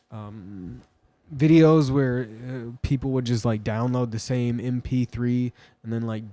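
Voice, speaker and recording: Man, rambling vlog monologue, crude jokes, meandering, mid pitch, dry close sound. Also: a little mellow, no echo. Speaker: vlogger.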